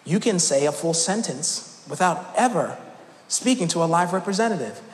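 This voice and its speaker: A man's voice: on the high side, lively intonation, normal speed, lightly acted. A man imitating a polite automated phone menu. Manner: overly polite, scripted. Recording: echoey hall with background noise.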